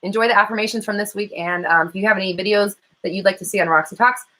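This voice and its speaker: A bright-voiced woman talks fast in a loose livestream chat, running as a coach and host. Her talk is chatty and full of "um"s, with the odd swear word thrown in. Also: mid-range voice, steady tone, poor audio. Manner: fast-talking, self-described; chatty, frequent fillers and swearing. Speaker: law of attraction coach and host. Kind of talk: casual livestream chat with viewers.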